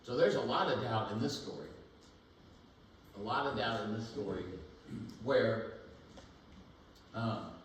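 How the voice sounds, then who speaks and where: A man's voice: mid-range voice, slight background noise. A man preaching a sermon in a conversational, thinking-aloud way. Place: church sanctuary. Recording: echoey church room, mic at a distance.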